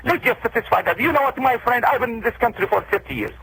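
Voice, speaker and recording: A high-pitched man with a breathy, husky edge. He preaches in repeating phrases and turns insistent and pleading when pushed, as a guest on a broadcast interview. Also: animated, fast talker, fairly bright tone, no echo, rough recording. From Iraq. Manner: preacherly, repetitive, grows agitated and pleading. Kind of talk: heated TV interview.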